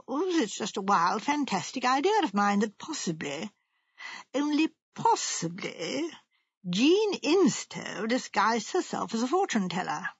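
An excitable, chatty country lady of middle age, as a woman reads her, talking eagerly in a brighter, higher voice. The tone is a little husky. The recording is muffled and lo-fi. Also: dry recording, full character voice. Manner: eager, speculative.

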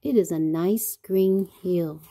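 Storybook bug: a woman doing a bossy, matter-of-fact beetle lady with a dark, husky voice. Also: fairly low pitch, slow pace. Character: bossy, sure female beetle.

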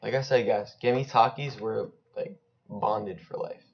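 A young man, a gaming YouTuber, rambles casually between rounds of an online game, joking in slang. His mid-range voice is unhurried and fairly even, with vocal fry, on a slightly dull lo-fi mic.

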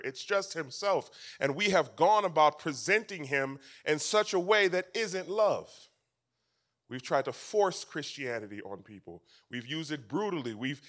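A man preaching a sermon as pastor, telling stories with animation and swinging between loud and soft passages. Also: on the high side.

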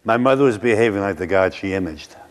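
A middle-aged man from Brooklyn preaches through a personal story in a somewhat low voice. He slows for dramatic pauses and drops in wry asides. His words carry a long reverb from a large hall. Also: expressive. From Brooklyn, New York. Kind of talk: sermon storytelling.

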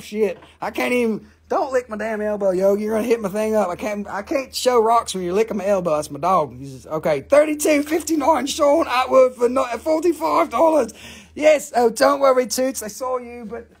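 Husky-voiced live-stream rock seller. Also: medium pitch, brisk, hardly any pauses. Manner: joking, profane, rambling. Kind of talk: casual live sales show. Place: family rock shop.

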